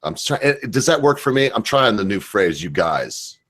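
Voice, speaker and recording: Very animated but at a normal speed, a middle-aged man from the United States hosts a casual voice chat online through a computer mic. His voice sits on the low side with a bit of brightness, and he rambles, curses freely, and drips with sarcasm.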